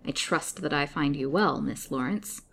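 A woman voicing a cold, insistent young male suitor in a storybook reading, speaking forcefully. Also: low voice, normal speed, gravelly, slight background noise. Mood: pleading. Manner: forceful, imploring then menacing.

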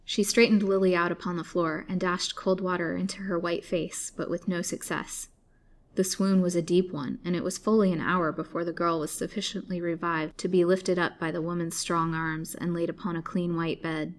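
A woman storyteller reading an old serialized novel aloud in a measured, dramatic way. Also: lowish voice, little pitch movement. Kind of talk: scripted narration of a serialized novel.

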